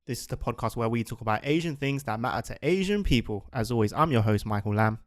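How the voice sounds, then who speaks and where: Brief: relaxed young male host, mid-pitched, easygoing laughs, very dry close recording. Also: quick pace, no echo. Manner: laid-back, laughs often. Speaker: podcast host. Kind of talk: casual chat. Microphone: video call.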